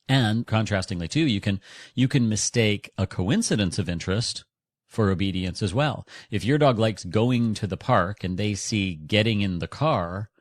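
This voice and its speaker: Low-voiced male dog trainer. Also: no echo, studio quality. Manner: conversational, frequent restarts and hedges. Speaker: dog trainer and podcast host. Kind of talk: instructional podcast talk.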